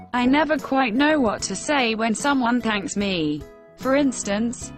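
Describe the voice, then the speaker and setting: A woman reads an English lesson aloud at a very slow, careful pace. Her pitch sits in the middle, and her delivery is measured, like dictation for learners. Soft music plays faintly behind her. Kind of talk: slow textbook reading for learners.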